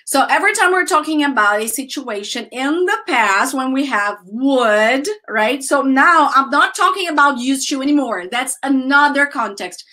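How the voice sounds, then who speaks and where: A woman teaching English grammar, drilling phrases slowly and chatting with her students. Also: sits high, bright, forceful tone. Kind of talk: live online English lesson.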